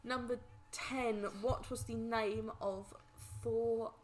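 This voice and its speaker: A woman's voice: on the high side, steady tone, a little hiss or hum, poor audio. A woman hosting a casual family quiz video at home, reading the questions aloud and tripping over hard names. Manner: reads slowly, stumbles over hard names.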